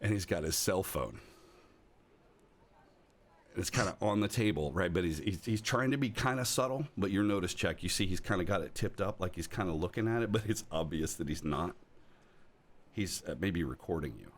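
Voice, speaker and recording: A man with a very low voice runs a tabletop game as game master. He narrates in a loose, rambling way, joking and restarting his sentences. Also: moderate pace. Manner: rambling, jokey, many fillers and restarts.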